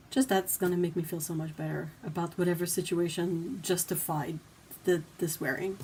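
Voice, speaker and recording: A woman's voice: lowish voice, a little mellow, slight background noise. A woman hosting a casual livestream, chatting and reading viewer comments aloud. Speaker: livestream host.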